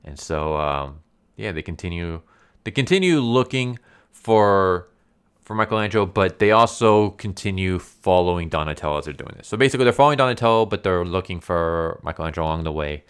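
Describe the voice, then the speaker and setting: Low smooth-voiced man recapping casually. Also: expressive, a little fast. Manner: rambling, heavy on fillers, laughs often. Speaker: comic book review YouTuber.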